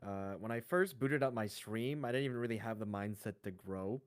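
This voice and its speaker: A man chatting casually on a group podcast, easygoing and soft-spoken. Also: fairly low pitch, moderate pace, clean tone, no room sound. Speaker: streamer guest.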